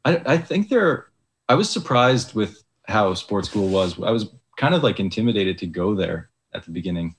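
Low-voiced young man, hesitant talk. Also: sing-song, normal speed. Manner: hesitant, many likes and restarts. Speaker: Olympic ski jumper, guest. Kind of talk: casual interview talk.

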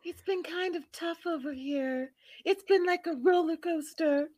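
A woman voicing an upset sixty-seven-year-old woman confronting her partner, high and tearful. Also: measured pace, a little mellow, dry recording.

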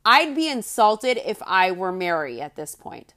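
A woman's voice: mid-range voice, sing-song, a little slow, sharp tone. A woman with a mid-range voice hosts a recap podcast. She talks in a blunt, sarcastic way and throws in mocking, exaggerated quotes. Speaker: podcast host. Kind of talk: recap commentary monologue.

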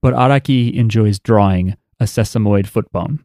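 A man's voice: lowish voice, normal speed, dark tone, no room sound, studio quality. Man explaining details in casual chat. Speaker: podcast co-host.

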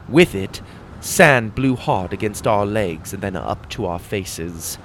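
A man reading a first-person adventure story aloud with a dramatic, expressive delivery. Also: on the low side, a little hiss or hum. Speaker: narrator.

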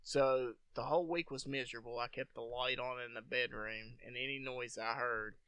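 A man's voice: mid-range voice, fairly even intonation, moderate pace, sharp tone, clear, resonant tone, no room sound. A man hosting a podcast, telling long profane stories in casual chat, laughing often. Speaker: podcast host.

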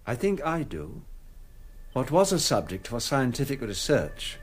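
An actor playing a composed, dry-witted gentleman scientist in a radio drama, speaking in a clipped way. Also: mid-range voice, big pitch swings, measured pace, a little hiss or hum. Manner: crisp, clipped and dryly wry. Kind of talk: 1970s radio drama acting.

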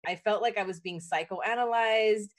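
Woman guest on a podcast, average pitch, candid and kinda rambly with ums. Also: normal speed. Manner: candid, laughing, filler-heavy. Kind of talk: casual storytelling.

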